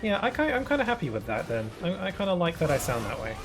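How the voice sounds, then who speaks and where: A man's voice: sits high, wildly swooping pitch, fast talker. British guy on a game stream, rambly casual chat, keeps restarting sentences, bit of game music in the back. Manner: chatty and rambling, with frequent restarts. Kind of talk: casual live-stream chat while gaming.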